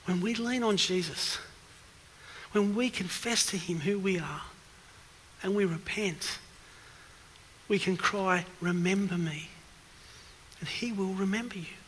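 Preacher with a bright, high voice. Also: male voice, a little slow, long pauses, in a large hall, slight background noise. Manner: questioning, emphatic, rises in force. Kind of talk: evening sermon.

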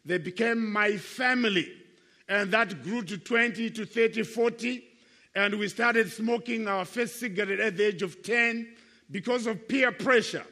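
An older man tells his life story as a sermon, earnest and emphatic, leaning on repeated phrases. His voice sits high and bright, almost piercing. It rings out with a long, echoing reverb through a large hall. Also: unhurried. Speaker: Christian speaker giving his life testimony. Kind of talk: testimony sermon to young people.

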